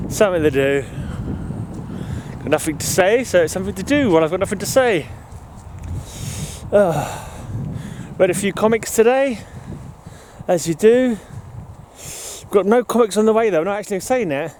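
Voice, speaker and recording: A slightly high-voiced man records a walking vlog, short of breath as he rambles. He swears freely and laughs at his own remarks. Faint traffic and city hum drift behind him outdoors. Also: expressive, normal speed, long pauses. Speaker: podcast host. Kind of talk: casual walking vlog monologue. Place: outdoors in an urban park.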